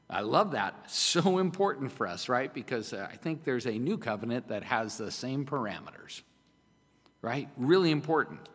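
A man's voice: mid-range voice, animated, normal speed, long reverb tail. A middle-aged man preaching a sermon, emphatic and conversational, often asking his listeners rhetorical questions. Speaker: pastor.

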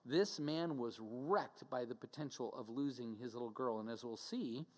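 A man's voice: medium pitch, normal speed. A man preaching a sermon as pastor, earnest and direct, speaking conversationally and now and then mocking a scoffer. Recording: long hall reverb.

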